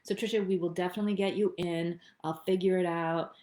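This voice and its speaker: A middle-aged woman teaching stress tapping in a live online session, talking in a chatty, upbeat way and thinking out loud. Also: on the low side, steady tone, fairly quick. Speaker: EFT tapping practitioner.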